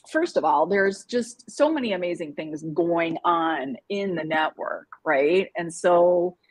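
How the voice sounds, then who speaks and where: A woman's voice: on the low side, no room sound. A woman co-hosting a casual livestream chat, bubbly and chatty, greeting viewers by name. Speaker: livestream co-host.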